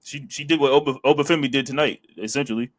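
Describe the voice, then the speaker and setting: A man's voice: mid-range voice, quick pace. Laughing, rambling podcast co-host man. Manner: rambling, laughs often, animated retellings. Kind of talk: casual wrestling recap chat.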